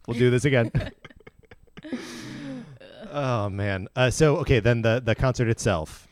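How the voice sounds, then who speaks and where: A man's voice: medium pitch, measured pace, no echo, studio quality. A man in casual podcast chat, teasing and asking wry questions.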